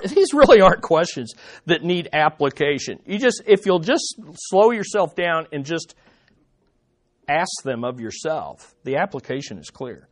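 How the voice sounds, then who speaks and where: A male preacher delivering a sermon, emphatic and driving home his points with repeated rhetorical questions. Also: high-pitched.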